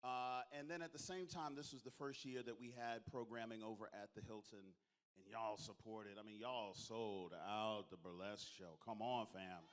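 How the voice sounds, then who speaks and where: As a convention organizer, this man gives a joking, storytelling closing speech from a convention hall stage, urging the crowd to applaud. His voice is fairly low with fairly even intonation, and he speaks at a moderate pace in a lively onstage address.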